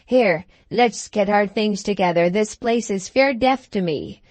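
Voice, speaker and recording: A woman voicing a bold, mocking Scottish outlaw man in a storybook, with a Scottish accent and drawn-out, teasing speech. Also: mid-range voice, a little mellow, no room sound, close to an everyday voice. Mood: brisk.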